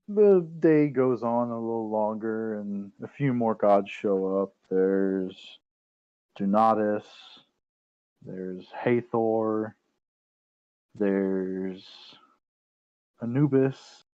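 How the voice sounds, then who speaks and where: A man narrating as game master of a tabletop game, in a relaxed, meandering way. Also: on the low side, extremely slow, pauses often, clean tone, no room sound, dull audio.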